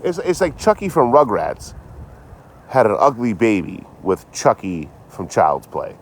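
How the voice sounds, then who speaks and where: This man's lowish voice takes big pitch swings but stays unhurried, with slight background noise. Tipsy and livestreaming from his phone, he chats casually, swearing often and trading sarcastic, rambling jokes with viewers.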